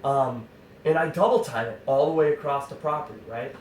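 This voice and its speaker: A man telling an animated, exasperated hunting-camp story in a casual way, full of fillers and asides. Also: mid-range voice, brisk, slight background noise. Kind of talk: casual spoken anecdote. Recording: roomy sound from a distant mic.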